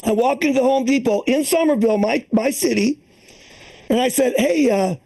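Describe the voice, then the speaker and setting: A high-pitched, gravelly older man in his sixties works through a stand-up set, swearing freely and rambling from bit to bit. He slips into the voices of the people in his stories as he goes. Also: a little fast, warm tone. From Boston area. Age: 60s. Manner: profane, rambling, acts out quoted voices. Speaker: stand-up comedian. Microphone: streamed online comedy show.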